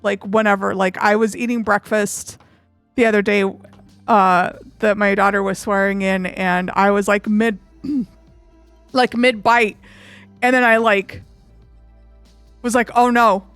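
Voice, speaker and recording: A woman's voice: medium pitch, flat delivery, measured pace, pauses often, a bit bright, no room sound, faint music behind. A woman streamer chatting casually and openly, rambling with lots of fillers. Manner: open and emotional. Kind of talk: casual live-stream chat.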